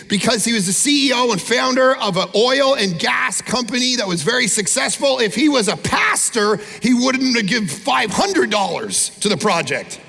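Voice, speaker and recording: A middle-aged man preaching a sermon from a church stage. He is emphatic and blunt, swinging between loud exhortation and low, intense asides. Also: creaky. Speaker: pastor. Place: large church auditorium. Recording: long church-hall reverb.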